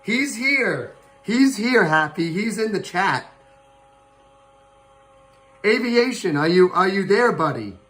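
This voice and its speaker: A man hosting a livestream, giving playful live commentary on a virtual airshow, excitable and prone to whoops and chuckles. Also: sits high, slow pace, long pauses, rough recording. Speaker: livestream host. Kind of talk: playful live commentary on a flight sim show.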